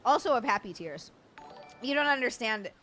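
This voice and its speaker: A woman's voice: fairly high pitch, expressive, moderate pace, sharp tone, faint music behind. A young adult woman hosting a casual livestream chat, stammering and swearing in happy disbelief as she thanks viewers. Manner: overwhelmed, stammering, laughing and swearing. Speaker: livestream host.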